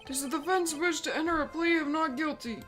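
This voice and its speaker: A woman's voice: high voice, a little fast, a bit bright, soft background music, voice pushed up. A woman voicing a fussy older male judge in a formal, slightly hesitant way.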